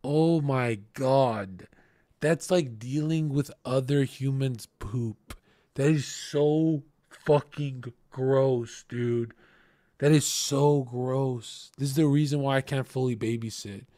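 Young male streamer, profane emphatic ranter, unhurried drawl. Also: mid-range voice, dark tone, dry recording, studio quality. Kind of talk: ranting livestream commentary.

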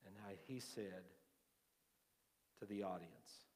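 A man preaching a sermon as lead pastor, telling a story slowly, his phrases trailing off softly before rising to fervent emphasis. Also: medium pitch, very animated, creaky. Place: church sanctuary. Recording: long church-hall reverb.

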